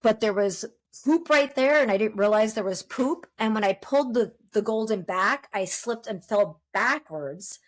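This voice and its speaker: A woman in her fifties talks in a relaxed podcast chat with a mid-range voice. She tells stories with lively energy, slipping into the voices of the people she quotes. Her talk is casual and full of asides. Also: medium pitch, moderate pace, hardly any pauses. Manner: lively storyteller who acts out quoted voices. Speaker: dog trainer guest.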